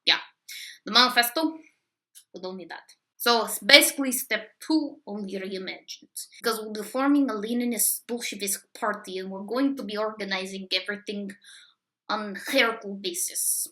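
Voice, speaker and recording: A woman playing a gloomy, cruel Russian party official in a comedic sketch, with a deadpan, menacing manner and a put-on fake Russian accent. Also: medium pitch, normal speed, natural voice, poor audio.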